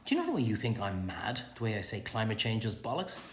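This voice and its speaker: A man putting on a sneering, foul-mouthed president who gloats over his threats, the voice swinging wide in pitch. The room adds a noticeable echo. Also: huge pitch swings, fast. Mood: taunting. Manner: mocking, profane, menacing. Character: crude, scheming male president making threats. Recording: roomy echo.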